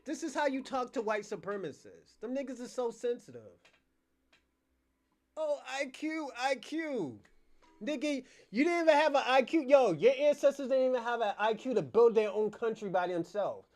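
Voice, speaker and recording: A man hosts his own stream and rants straight at his chat. His voice sits very high and leaps all over the place. He curses freely and mocks his critics. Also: a little mellow. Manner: profane, combative, addresses chat directly; mocking, laughs between jabs. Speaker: channel host. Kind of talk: livestream rant.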